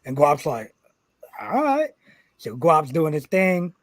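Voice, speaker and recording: A man who is a pro wrestler telling a story on a podcast, animated and profane, acting out what people said. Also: on the high side, a little slow, no echo. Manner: animated, profane, acts out quotes. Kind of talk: casual storytelling.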